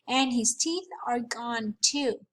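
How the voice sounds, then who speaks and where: A woman's voice: fairly high pitch, slow pace. A woman voicing a matter-of-fact schoolboy in a storybook reading.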